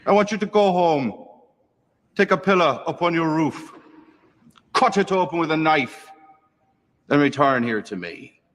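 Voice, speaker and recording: A man's voice: fairly high pitch, expressive, a little slow, long pauses, a bit bright, in a large hall, voice pushed up. A man voicing a stern old male parish priest who scolds and lectures harshly. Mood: scolding. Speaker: priest in a told story.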